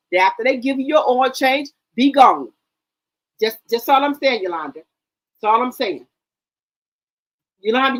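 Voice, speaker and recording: High-voiced chatty woman talking to viewers. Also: rough recording. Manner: loud, chatty, swears freely, repeats herself. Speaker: gossip channel host. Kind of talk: casual chat to camera.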